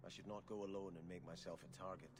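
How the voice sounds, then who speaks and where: A man's voice: sits low, steady tone, fast talker, close to an everyday voice. An actor playing a formal, earnest young nobleman archer in a fantasy video game, speaking courteously. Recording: game audio with clear background noise.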